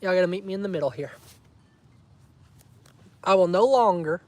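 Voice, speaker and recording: Man, high-pitched, casual vlog chat, teasing, emotional. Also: normal speed, darkish tone, no room sound. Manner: emotional, teasing, says y'all a lot. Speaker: vlogger.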